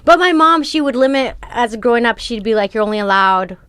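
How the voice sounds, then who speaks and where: A woman's voice: sits high, lively intonation, a little fast, a bit bright, no echo. A woman hosting a podcast, chatting casually, easygoing and laughing along with her guest. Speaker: podcast host.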